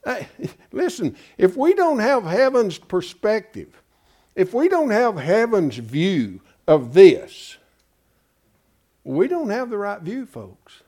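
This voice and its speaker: A man's voice: sits high, very animated, takes it slowly, mellow. A pastor preaching in an emphatic, folksy way, asking his congregation rhetorical questions. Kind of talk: sermon.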